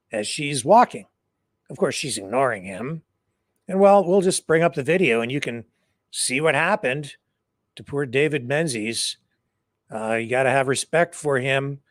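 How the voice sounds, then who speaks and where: A man's voice: medium pitch, expressive, a little slow, fairly bright tone, dry recording, studio quality. A man hosting a news show with chatty, opinionated commentary and sarcastic asides. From Canada. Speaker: news host.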